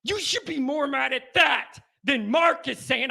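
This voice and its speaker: A worked-up male sports radio host rants to his listeners, shouting in bursts and repeating himself. His voice sits very high and sounds bright and gravelly. He talks slowly. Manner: ranting, shouting in bursts, repetitive. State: worked up, sweating. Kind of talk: fired-up call-in rant.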